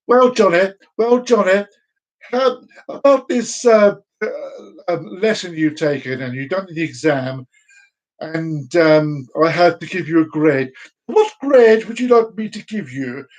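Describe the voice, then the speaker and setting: A fawning, wheedling teacher, put on by a man, stumbling over ums as he bargains over a pupil's grade. The voice sits high for a man and keeps its halting, eager-to-please tone. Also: poor audio. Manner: wheedling, hesitant with many ums.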